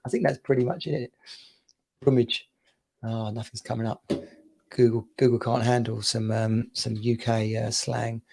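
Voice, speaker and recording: A UK man in his thirties hosts a laid-back podcast chat, rambling through anecdotes between laughs. His medium-pitched voice is gravelly and darkish, and his delivery is flat and a little slow.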